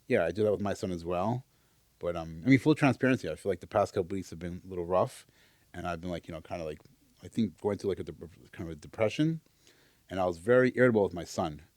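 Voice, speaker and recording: Talking fast in a low, darkish voice with no room sound, the man co-hosts a podcast and speaks from the heart about what he's been going through. He sounds hesitant and searching, often using fillers and starting over.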